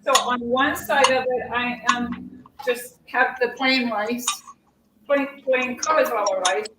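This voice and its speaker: A woman's voice: on the high side, fairly even intonation, slow. A woman co-hosting a cooking show, chatting casually and explaining step by step what she is cooking. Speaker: co-host cooking remotely. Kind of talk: casual chat. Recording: distant, echoey, noisy kitchen.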